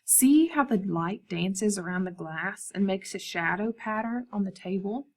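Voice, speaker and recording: A woman voicing a brisk, enthusiastic female art teacher who gives emphatic instructions to her students. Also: mid-range voice, expressive. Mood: encouraging.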